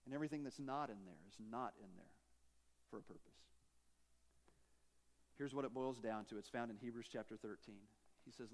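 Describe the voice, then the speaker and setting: A male pastor preaching a sermon, swinging between emphatic raised lines and quiet, dropped endings. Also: mid-range voice, in a large hall.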